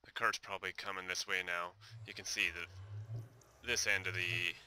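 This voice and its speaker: A man's voice: deep voice, level tone, moderate pace, bright, forceful tone, slight background noise. A young man giving casual gameplay commentary, thinking aloud and hesitating with many fillers.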